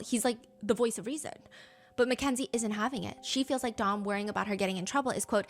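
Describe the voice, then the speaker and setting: Woman with a slightly high voice narrating true crime, swears a lot, reads out texts. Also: fast, faint music behind. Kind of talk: reading true crime narration with text quotes.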